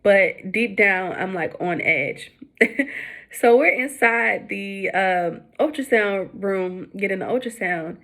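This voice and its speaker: Chatty young woman with a gravelly edge. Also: takes it slowly, a bit bright. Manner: chatty, many fillers, acts out quotes with high voice. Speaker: vlogger. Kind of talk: casual storytelling to camera.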